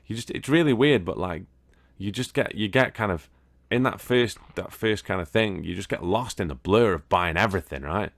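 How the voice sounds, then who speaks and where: A man's voice: fairly low pitch, moderate pace, few pauses, no echo. A British man casually commentating as he plays a board game video game, rambling and swearing now and then. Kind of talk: casual let's-play commentary.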